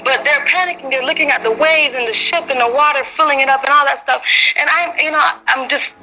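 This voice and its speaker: A woman's voice: sits high, fairly quick, sharp tone, faint music behind, rough recording. A woman teaching a women's Bible group, earnest and rambling, with lots of "you know" fillers. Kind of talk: informal devotional teaching.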